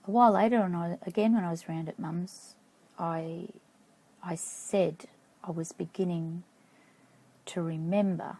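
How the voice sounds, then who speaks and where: Halting, reflective woman with a gravelly voice. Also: lowish voice, dark tone, rough recording. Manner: halting, reflective, often checks notes. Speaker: vlogger. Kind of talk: personal storytelling to camera.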